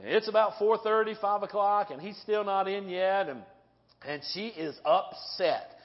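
Man preaching a sermon, high voice, lively storytelling, keeps asking the crowd "right?", long reverb, dull muffled sound. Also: unhurried. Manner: lively storytelling, often asks the congregation "right?" and "okay?". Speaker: pastor.

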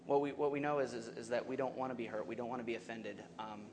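A man's voice: mid-range voice, steady tone, quick pace, noisy background. A young adult man preaching a sermon as pastor, talking conversationally and asking the congregation questions.

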